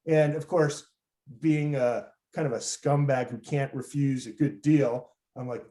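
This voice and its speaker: A man's voice: mid-range voice, fairly even intonation, a little slow, mellow. A man from Los Angeles hosting a storytelling show, telling a personal story in a loose, rambling way full of fillers. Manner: rambling, many fillers and restarts. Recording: roomy echo.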